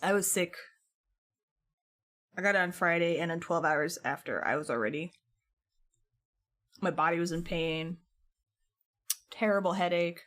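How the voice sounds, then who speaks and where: A woman's voice: on the low side, measured pace, long pauses, fairly bright tone. A young woman streaming from home, chatting casually and answering her live chat as she goes. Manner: chatty, reads and answers chat messages, rambling.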